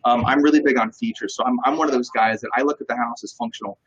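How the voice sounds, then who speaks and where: A man's voice: medium pitch, quick pace, muffled recording, a little hiss or hum. A man, a real estate broker, talking as a guest in a casual interview and telling stories with lots of energy. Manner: energetic, animated storyteller.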